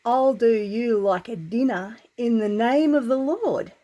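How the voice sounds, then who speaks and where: A woman's voice: fairly high pitch, measured pace, warm tone. A woman doing a brash young Aussie lad with an Australian accent. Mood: taunting. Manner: brash, slangy, cocky.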